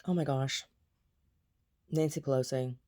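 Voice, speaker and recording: Brief: a woman with a deep, low voice, talking casually, blunt and agitated, heavy on profanity. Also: steady tone, measured pace, mellow. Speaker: vlogger. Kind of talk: casual vlog rant.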